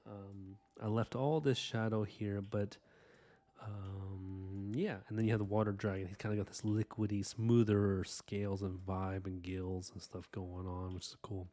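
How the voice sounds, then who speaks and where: A man's voice: lowish voice, flat delivery, unhurried. Rambling, earnest man on a live stream. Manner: earnest, rambling, warm-hearted thanks to viewers; frequent fillers and soft asides. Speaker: live-stream artist host. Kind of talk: casual live-stream chat while inking.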